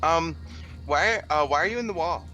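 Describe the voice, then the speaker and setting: Man doing a bright, raised, fast-talking rat, stammering and nervous. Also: fairly high pitch, animated, faint music behind, pitched above the performer's own voice, rough recording. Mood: flustered. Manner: rapid, stammering, rambling.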